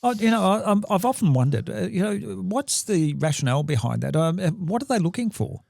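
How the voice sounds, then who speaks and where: A man with an Australian accent, co-hosting a podcast in a casual chat and talking in halting bursts full of restarts and fillers. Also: high-pitched, big pitch swings, vocal fry, a little mellow, dry recording, clean studio sound. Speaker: podcast co-host. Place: podcast studio.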